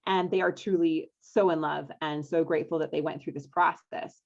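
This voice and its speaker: Here the same kind of live online masterclass for couples is led by a woman with a deep, darkish voice and noticeable vocal fry. Her intonation stays fairly even and her pace normal as she cheerfully coaxes listeners and keeps checking on them. Sound quality is dull and lo-fi.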